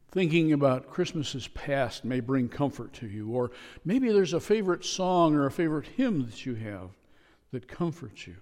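A man preaching a sermon in a church, speaking in a measured, repetitive way with emphatic pauses. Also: fairly high pitch, a little mellow. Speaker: pastor. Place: church sanctuary. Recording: long reverb of a church hall.

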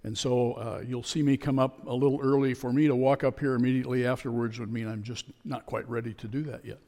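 A man preaches a sermon, moving at a calm, measured pace and slipping jokes into his stories. His voice sits in a middle register. Long reverb from the church carries each phrase. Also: medium pitch. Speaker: pastor. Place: church sanctuary.

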